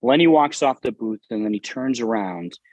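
A man, a guest on a talk show, telling animated casual anecdotes and swearing freely. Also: mid-range voice, moderate pace, no echo, muffled recording. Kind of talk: casual storytelling.

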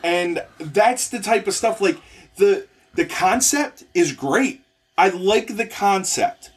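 Husky-voiced man thinking aloud. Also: high-pitched, expressive, takes it slowly. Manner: hesitant, restarts often, thinks aloud. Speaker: podcast co-host. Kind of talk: casual wrestling podcast chat.

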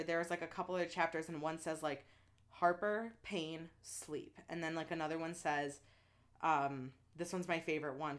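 A young woman casually and animatedly retelling a book's plot, full of "like" fillers and swearing. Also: deep voice. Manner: animated, chatty, heavy use of "like" and swearing. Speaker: book fan retelling a plot. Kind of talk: casual chat.

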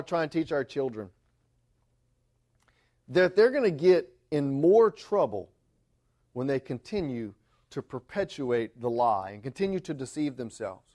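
A man with a high voice preaches a sermon with fervent emphasis. He restarts phrases and climbs to impassioned peaks. Middle-aged pastor. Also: darkish tone.

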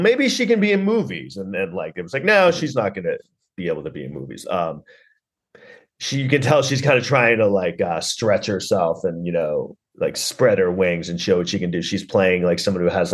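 A man hosting a podcast, rambling sarcastically through a comedic movie review. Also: on the low side. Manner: rambling, sarcastic, lots of restarts and "like". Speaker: podcast host.

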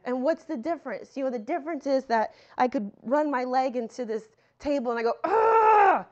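Animated woman giving a casual Bible lesson. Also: sits high, fairly quick. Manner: conversational, animated asides, reads scripture aloud. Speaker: Bible teacher. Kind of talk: teaching sermon. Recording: muffled lo-fi sound.

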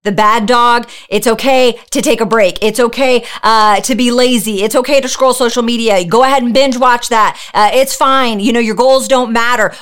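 A woman's voice: fairly high pitch, normal speed, few pauses, a bit bright. A woman hosting a motivational podcast, talking energetically and preachily, with rhetorical questions aimed straight at the listener. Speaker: podcast host.

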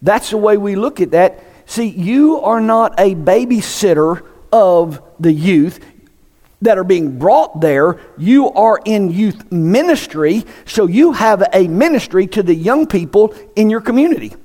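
A pastor delivers an emphatic sermon, his voice pitched high for a man. He pushes his points hard and climbs toward near-shouts. The sound rings with the long reverb of a church hall. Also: lively intonation, measured pace. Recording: echoey hall.

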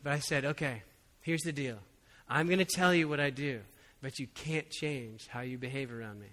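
A man preaching as a pastor, telling a personal story in a relaxed, conversational way with frequent chuckles. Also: mid-range voice, moderate pace. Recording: long hall reverb.

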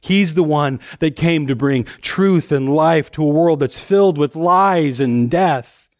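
A man delivering a sermon in a relaxed, conversational manner, his voice sitting a little high. He often repeats and restarts words as he works through his thoughts. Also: slow. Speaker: preacher.

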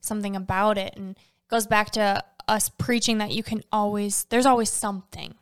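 Woman podcast cohost, smooth voice, upbeat and encouraging, giving advice. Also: mid-range voice, steady tone, normal speed. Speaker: podcast co-host. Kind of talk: casual chat.

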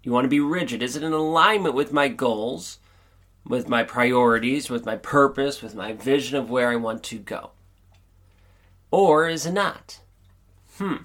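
A man's voice: medium pitch, a little slow, fairly bright tone. A man hosting his own podcast and giving an upbeat, earnest, chatty pep talk. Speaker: podcast host. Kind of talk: motivational solo podcast monologue.

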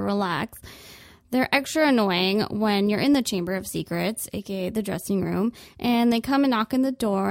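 A young woman hosting a podcast, delivering a sarcastic, animated comedic monologue. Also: mid-range voice, no echo, clean studio sound. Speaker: podcast host. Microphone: podcast microphone.

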